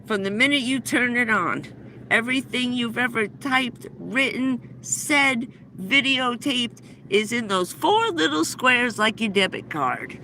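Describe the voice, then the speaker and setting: A middle-aged woman with a bright, clear voice spins a long story on her livestream, stumbling and restarting as she goes. A faint vehicle hum runs underneath. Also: fairly high pitch, expressive, a little slow, low-quality recording. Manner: rambling, breathless anecdote with many restarts. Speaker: livestream host. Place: inside a vehicle.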